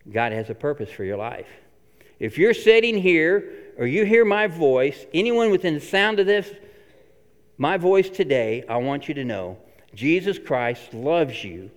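A pastor preaching a sermon in a church, earnest and emphatic, repeating phrases for stress. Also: male voice, mid-range voice, clean tone. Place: church sanctuary. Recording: long reverb of a church hall.

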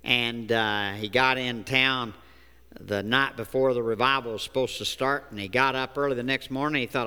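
A man preaching a sermon, telling folksy stories and stressing key words deliberately. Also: medium pitch, fairly even intonation, sharp tone, clean tone. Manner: slow, folksy storytelling, deliberate emphasis. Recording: echoey hall.

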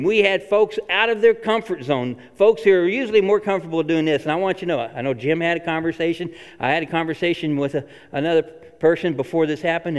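A pastor preaching a sermon in a church, earnest and emphatic, repeating phrases for stress. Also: male voice, fairly high pitch, smooth. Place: church sanctuary. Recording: long reverb of a church hall.

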